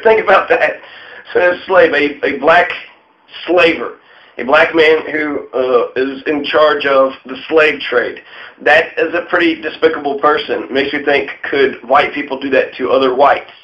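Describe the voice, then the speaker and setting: A man talks through history in a loose, conversational way, wandering off on tangents and cursing now and then. His voice sits a bit high, and the recording sounds dull and lo-fi. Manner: digressive, profane, conversational. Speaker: history talk host. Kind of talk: casual history monologue.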